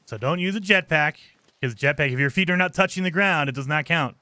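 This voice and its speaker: A man with a slightly high, sharp voice streams a game a little fast, chatting about his moves and grumbling when things go wrong. The audio has no echo, and he gets out of breath at times while running.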